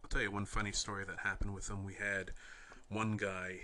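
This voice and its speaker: A young man from Canada spins rambling stories in a deadpan, wry tone. His voice sits a bit low but comes across bright and punchy. A faint hiss of noise runs under the recording. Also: brisk. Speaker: podcast host. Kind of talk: casual storytelling.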